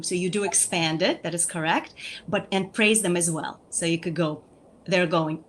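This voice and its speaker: A woman's voice: lowish voice, moderate pace, a bit bright. A woman explaining speech activities for young children to parents, patient and repetitive, checking in with "okay?" after each point. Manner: patient, repeats key points, frequent "okay?" check-ins. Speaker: speech therapist guest. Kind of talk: instructional talk to parents.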